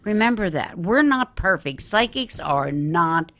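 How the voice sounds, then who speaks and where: Woman, middle-aged, low voice, earnest storyteller, interview guest. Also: animated, measured pace, a bit bright. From Philadelphia, Pennsylvania area. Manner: earnest, storytelling, addresses listener as honey. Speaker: psychic medium guest. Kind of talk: interview talk.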